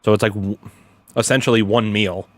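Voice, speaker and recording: A man's voice: fairly low pitch, steady tone, brisk, no echo, faint music behind. Rambling young man gamer. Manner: rambling, swears a lot, says "like" and "dude" often. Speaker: gaming streamer. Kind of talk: casual gameplay chat.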